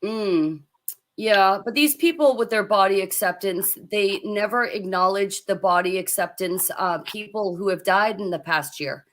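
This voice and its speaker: A young woman co-hosting a casual live chat, giving opinions in a measured way with fillers. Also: medium pitch, fairly bright tone. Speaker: co-host.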